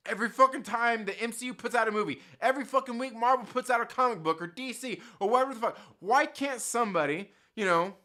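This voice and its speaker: A YouTube channel host with an extremely high, bright and forceful voice rants directly at his viewers. The delivery is heated, unscripted and laced with constant profanity. He mocks opposing views by parroting them in put-on quotes.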